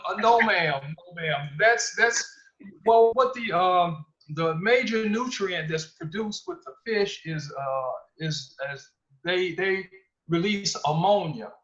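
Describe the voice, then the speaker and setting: A man presenting at a gardening workshop, talking haltingly with many fillers and polite "yes ma'am"s. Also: high-pitched, a bit bright. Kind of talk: casual explanation. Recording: dull lo-fi audio.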